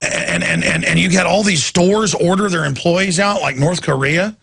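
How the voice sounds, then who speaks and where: A middle-aged man hosting a radio talk show, ranting emphatically and at times shouting. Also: high voice, moderate pace, gravelly, slightly rough. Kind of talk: impassioned talk radio monologue.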